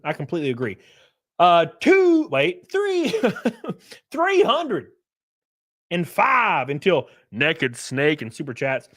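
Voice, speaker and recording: A man's voice: on the high side, fairly bright tone. A young man hosting a livestream, talking in a blunt, profane and rambling way. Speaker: livestream host. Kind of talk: casual commentary stream.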